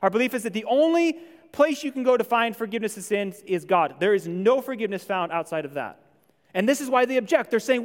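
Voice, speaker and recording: A man pastor giving a conversational sermon in church, turning animated when he voices imagined objections. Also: high-pitched, fast talker. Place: church hall. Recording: long hall reverb.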